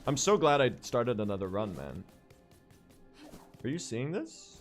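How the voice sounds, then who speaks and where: A young man streaming a speedrun, chatting casually, joking with chat, swearing and bursting into shouts. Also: mid-range voice, very animated, unhurried, music in the background. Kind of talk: casual livestream commentary while gaming.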